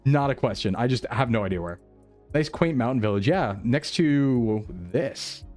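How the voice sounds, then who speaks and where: A young man chatting away on a gaming stream, loose and joking, breaking into laughter between guesses. His voice sits in an ordinary middle register. Soft music plays faintly behind him. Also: medium pitch, lively intonation, moderate pace. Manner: chatty, laughs often, jokes with chat. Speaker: VTuber streamer. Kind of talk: casual livestream chat while playing. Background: faint background music.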